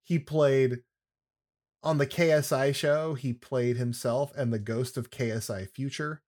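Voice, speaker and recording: A man in casual podcast chat, rambling and joking through his asides. His voice sits at an everyday middle pitch, and his delivery is loose and conversational. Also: fairly even intonation, measured pace, darkish tone. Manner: chatty and jokey, with many fillers and asides. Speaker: wrestling podcast co-host.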